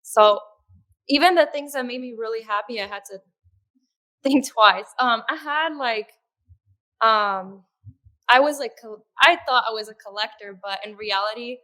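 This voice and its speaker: Woman, podcast guest; earnest conversational delivery, slightly high voice, soft laughs. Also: unhurried. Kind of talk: conversational interview.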